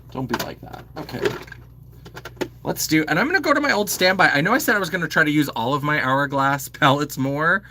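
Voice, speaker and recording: A man's voice: a little high, bright, forceful tone. A man hosting a live makeup stream, chatting casually with many fillers and answering viewers' comments. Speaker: livestream host. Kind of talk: casual makeup livestream chat.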